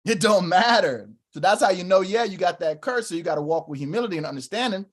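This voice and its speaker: A man's voice: high-pitched, fast. A man in his thirties telling stories in a casual religious discussion, acting out quotes as he goes. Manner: animated storyteller, acts out quotes. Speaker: co-host.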